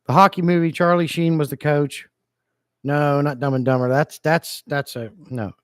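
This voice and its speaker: A man chatting casually on a fish-keeping livestream, reading comments and joking around, a bit low on energy. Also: fairly even intonation, moderate pace, no echo, clean studio sound. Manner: playful, rambling, jokey with chat. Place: home fish room.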